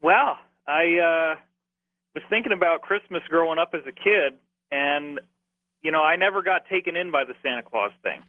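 A man, a radio guest, reasoning things through out loud in a casual way and laughing often, heard over the telephone. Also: a little high, normal speed, dry recording. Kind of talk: casual talk on a phone-in. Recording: tinny phone line.

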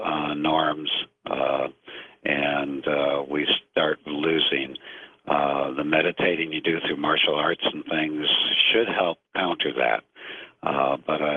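A man in his fifties speaks as a guest on call-in radio, slow and earnest, pausing often to find his words. His voice sits very low and has a husky edge. The sound is thin and dry, like a phone line. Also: no echo. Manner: slow, earnest, many hesitations.

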